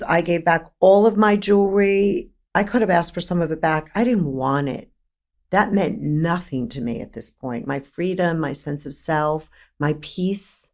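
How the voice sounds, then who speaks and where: Low-pitched and speaking with a New York accent, this woman in her fifties is a therapist guesting on a podcast for a candid, conversational interview. She comes across as frank and lively, laughing a lot and stacking emphatic lists.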